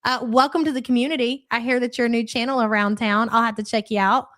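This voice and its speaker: A woman from Louisville, Kentucky, hosts a live reaction stream and reads out chat messages in a blunt, chatty way, swearing casually. Her voice is a little high and a bit bright, her tone steady and her pace quick, with no room sound.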